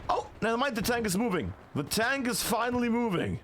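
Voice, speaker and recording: Lively excitable male esports caster. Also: very high voice, fairly quick, a little hiss or hum. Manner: excitable, chatty, rises to shouts on big plays. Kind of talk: solo play-by-play commentary.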